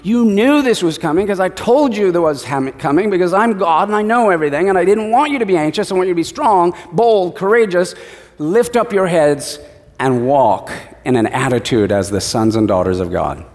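Animated male preacher in a reverberant hall. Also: high voice, normal speed. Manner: animated storytelling preacher, acting out quotes. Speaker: pastor. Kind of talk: sermon.

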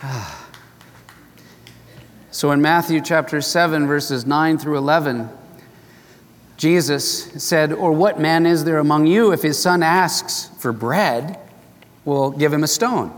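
An older man preaches, easing into a story in a warm-hearted, conversational way. His voice sits a little high for a man, and a long reverb trails behind each phrase. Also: takes it slowly, pauses often. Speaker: pastor. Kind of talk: sermon with storytelling.

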